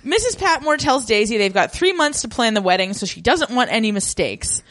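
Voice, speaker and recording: Female podcast co-host, bright lively pitch, sarcastic asides. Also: brisk. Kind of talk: casual recap chat.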